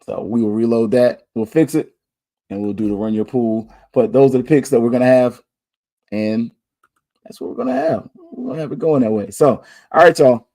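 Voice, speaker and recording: A man's voice: medium pitch, moderate pace, dark tone. Laid-back man talking sports picks. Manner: loose, slangy, thinking aloud. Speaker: podcast host. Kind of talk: casual sports picks chat. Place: Orlando.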